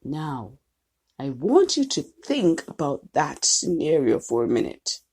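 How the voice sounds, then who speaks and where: A woman's voice: low voice, sing-song, slow, darkish tone, husky. A woman college instructor giving a recorded lecture, emphatic and posing questions to the class.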